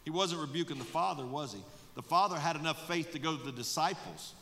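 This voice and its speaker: A man's voice: a little high, fast talker, sharp tone. A man, a pastor, preaching at a midweek Bible study, emphatic and full of rhetorical questions to his congregation. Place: church sanctuary. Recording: long reverb of a large room.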